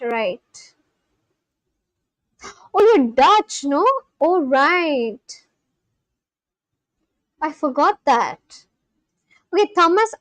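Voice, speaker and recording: High-voiced chatty woman streamer. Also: no room sound. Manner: chatty, laughs often, apologetic self-corrections. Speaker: livestream host. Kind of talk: casual chat reading live chat aloud.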